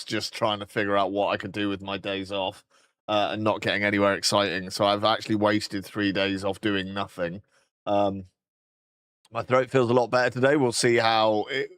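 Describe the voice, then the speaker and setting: A British man with a hoarse, sore throat, chatting casually on a game stream, swearing freely and clearing his throat often. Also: on the low side, no room sound, studio quality. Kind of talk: casual live-stream chat.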